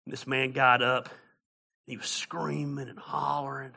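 A male pastor preaching a sermon who stammers and restarts often, swinging between loud, high preaching and quiet storytelling. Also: level tone, a little slow, gravelly.

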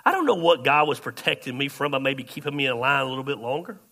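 A man pastor, telling a story in a sermon, shifting between loud outbursts and quiet asides. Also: medium pitch, animated, fast talker.

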